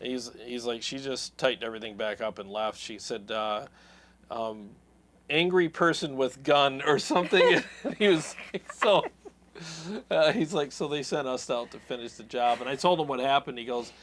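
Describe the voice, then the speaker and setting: A man's voice: medium pitch, moderate pace. A man hosting a live stream, chatting casually and telling stories with laughter and acted-out voices. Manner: laughing, animated storyteller acting out voices; stumbles and restarts often. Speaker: host of a guitar tone channel live stream. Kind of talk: casual chat, storytelling.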